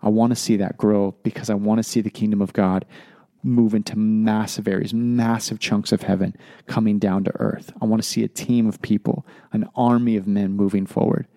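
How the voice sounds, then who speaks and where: Male podcast host, 30s, heartfelt and pleading, laid-back slang, warm and dry. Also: fairly low pitch, little pitch movement, moderate pace, no room sound. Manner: pleading, casual, says "man" and "dude" often. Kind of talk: earnest podcast appeal.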